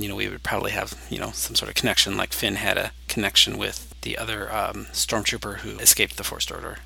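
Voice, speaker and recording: Rambling American man with a gravelly voice. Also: on the low side, sharp tone, poor audio. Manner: rambling, eager fan theorizing. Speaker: podcast co-host. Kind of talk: casual chat.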